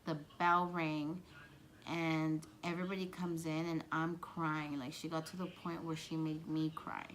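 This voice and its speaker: A young woman vlogger telling a personal story in a chatty, animated way, full of "like"s. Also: low-pitched, a little slow, a little hiss or hum. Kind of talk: storytime vlog.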